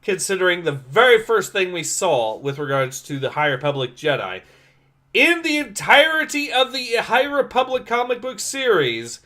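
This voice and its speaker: A man's voice: high-pitched, fairly bright tone. A man hosting a casual comic book reading livestream, blunt and sarcastic in his remarks. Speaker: livestream host.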